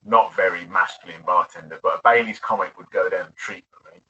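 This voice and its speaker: Heard through distant, dull lo-fi audio, a British man talks about his bartending days in a casual interview. His low voice is pushed, bright and slightly rough at a fairly quick pace, and he chats, laughs often, and restarts many sentences.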